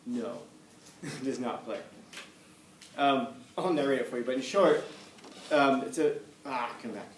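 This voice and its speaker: A man's voice: medium pitch, measured pace. Man lecturing in an echoey classroom. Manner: conversational, repeats points for emphasis. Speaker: teacher. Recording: echoey room, far from mic, faint noise.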